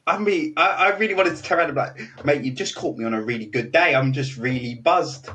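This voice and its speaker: A young British man with a fairly high voice spins a rambling anecdote, stuffed with fillers and quoted voices. He laughs his way through it. He sits a little back from the microphone. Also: a little fast, bright, forceful tone, a little hiss or hum. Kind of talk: casual anecdote telling. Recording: voice a bit distant from the mic.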